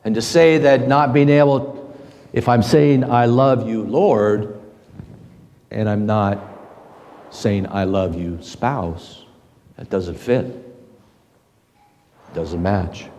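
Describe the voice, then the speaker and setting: A middle-aged man giving a slow, halting, earnest personal testimony to a men's group. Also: mid-range voice, darkish tone, a little hiss or hum. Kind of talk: reflective personal testimony talk. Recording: long hall reverb.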